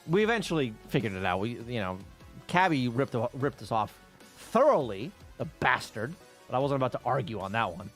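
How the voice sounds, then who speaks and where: A man's voice: medium pitch, sing-song, fairly quick, faint music behind. A man livestreaming, casually telling rambling travel stories to his viewers with plenty of swearing. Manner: profane, rambling travel storytelling. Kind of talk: casual chat with stream viewers.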